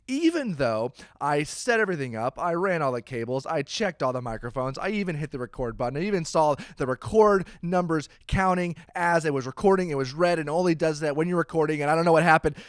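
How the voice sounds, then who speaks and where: A man's voice: medium pitch, smooth, no echo. A man hosting a church podcast, talking in a chatty, playful, self-deprecating way. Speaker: podcast host. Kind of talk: casual church podcast intro. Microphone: close studio microphone.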